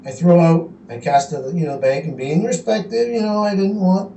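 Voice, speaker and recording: A man, a guest, spins fishing stories in a lively way and chuckles through them. His voice is mellow and a little raised, and it sits some way from the mic in an echoey room with a faint hiss behind it. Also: high voice, normal speed, vocal fry, recorded from a distance, muffled recording. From Canada. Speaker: guest angler. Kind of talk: casual storytelling.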